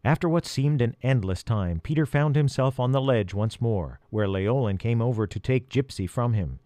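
A man reading a children's adventure story aloud, with a dramatic delivery that slows down at tense moments. His voice sits at an ordinary middle pitch for a man. The recording is dry and close, with no room sound at all. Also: expressive, warm tone, dry recording. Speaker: audiobook reader. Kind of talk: storybook narration.

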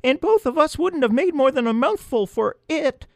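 Two tiny field mice squeak and chatter over one another, voiced by a man reading a storybook. They bicker over every detail, their voices leaping high and lively. The sound is close and dry. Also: moderate pace, vocal fry, dry recording, heavily acted. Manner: bickering, interrupting each other.

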